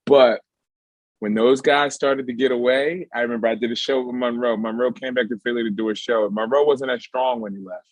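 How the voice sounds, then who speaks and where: Relaxed male comedian telling loose stories. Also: mid-range voice, a little fast, no room sound. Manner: loose, keeps asking "you know what I mean". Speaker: comedian guest. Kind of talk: casual storytelling.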